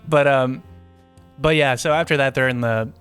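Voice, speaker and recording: A man's voice: medium pitch, unhurried, fairly bright tone, smooth, faint music behind. Giggly, rambling male podcast co-host. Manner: laughs often, rambling with many fillers. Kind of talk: casual movie review chat.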